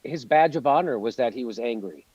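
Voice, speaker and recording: A man's voice: mid-range voice, expressive, a little fast, a little mellow, husky, no echo, dull audio. A man in an interview, ranting in a sarcastic, profane, worked-up way. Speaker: guest comedian. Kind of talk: animated interview rant.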